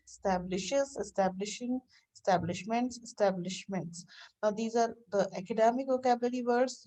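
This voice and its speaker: A woman teaching English vocabulary, reading word lists aloud one at a time in a measured, instructive way. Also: a little high, dark tone.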